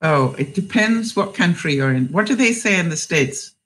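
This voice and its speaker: A woman's voice: fairly low pitch, expressive, normal speed, a bit bright, rough recording. Chatty, rambling woman livestreaming. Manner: chatty and rambling, laughs often. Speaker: vlogger hosting a livestream. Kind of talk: casual livestream chat, reading viewer comments.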